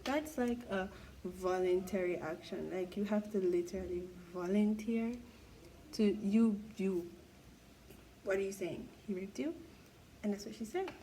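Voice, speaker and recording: A woman's voice: medium pitch, a little slow, mellow, a little hiss or hum, low-quality recording. A young woman vlogger telling a gossipy story in casual chat while doing her makeup, with incredulous exclamations.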